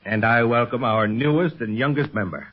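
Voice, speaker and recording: An actor as a stern solemn police chief. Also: male voice, medium pitch, moderate pace, muffled recording, slight background noise, close to an everyday voice. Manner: formal, solemn. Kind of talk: 1930s radio serial acting.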